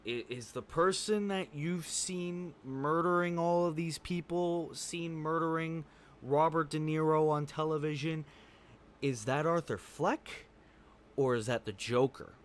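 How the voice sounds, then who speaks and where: A man's voice: a little high, measured pace. A man giving a casual spoken movie review, blunt and profane, rambling with fillers like "um" and "like".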